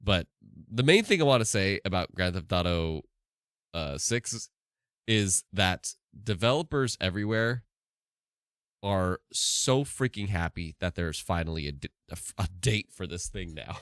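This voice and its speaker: A man's voice: sits low, animated, unhurried, fairly bright tone, no echo, studio quality. A sleep-deprived man streaming live, chatting casually and rambling with many restarts. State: tired from no sleep.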